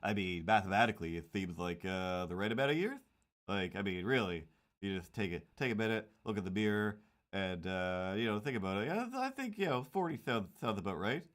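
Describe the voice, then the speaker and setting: A man's voice: fairly low pitch, lively intonation, fairly quick, a bit bright. A man casually thinking aloud as he draws cartoons, rambling with lots of fillers. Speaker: cartoonist drawing on stream. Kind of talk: casual running commentary while drawing.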